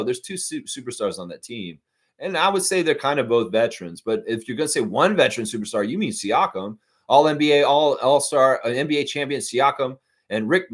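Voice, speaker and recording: A man's voice: mid-range voice, husky. A man hosting a live fan stream, reading chat and ranting with heavy swearing. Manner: fired-up, profane ranting that swings loud. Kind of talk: casual fan reaction stream.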